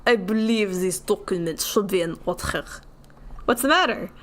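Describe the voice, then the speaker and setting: A woman's voice: on the low side, moderate pace, natural voice. A tired, put-upon merchant in a broad fake Russian accent, voiced by a woman reading game dialogue aloud. He stays formal and polite, worn down by endless paperwork. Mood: weary. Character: weary male merchant buried in paperwork.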